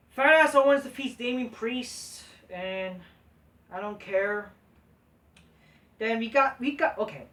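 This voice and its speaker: A woman's voice: on the high side, fairly bright tone. A woman reviewing a wrestling show in a crude, profane, scornful rant. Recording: voice distant from the mic.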